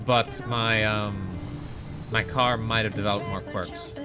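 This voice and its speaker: A man's voice: lowish voice, level tone, slow, over music. A man streaming a video game live, chatting sarcastically and mocking himself with dramatic outbursts. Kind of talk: live gaming commentary.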